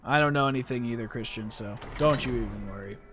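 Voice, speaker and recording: A young American man hosts a gaming podcast, chatting and rambling casually while he plays, laughing often. His voice is medium in pitch and fairly bright, his pace quick, with a little hiss or hum in the recording.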